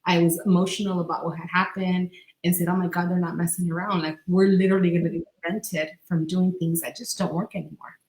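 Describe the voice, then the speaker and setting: A woman's voice: fairly low pitch, fast talker. A woman co-hosting a casual spiritual podcast, telling stories with animation and acting out the voices she quotes. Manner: animated storyteller who acts out quoted voices. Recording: echoey room.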